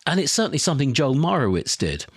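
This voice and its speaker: A man's voice: mid-range voice, sing-song, fast, husky, no room sound, studio quality. A man hosting a podcast, talking through listener questions in an opinionated, conversational way. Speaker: podcast host. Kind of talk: solo podcast talk.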